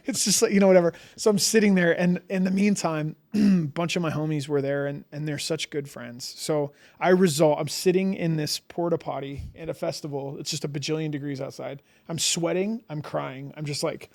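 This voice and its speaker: Animated storyteller, a man with a higher voice. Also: a little fast, hardly any pauses. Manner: animated, many "like" fillers, acts out his own reactions. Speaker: podcast guest. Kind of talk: casual storytelling.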